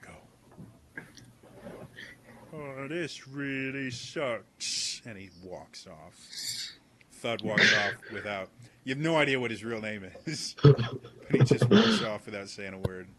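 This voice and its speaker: A man narrating a tabletop game as game master, relaxed and rambling. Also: lowish voice, normal speed, background noise.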